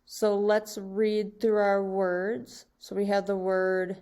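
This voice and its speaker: A woman teaching second graders through a recorded slide lesson. She speaks very slowly and deliberately, pausing between short phrases. She draws out each example word, and her voice sits at a medium pitch. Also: level tone, a little mellow. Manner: slow, deliberate, drawing out example words.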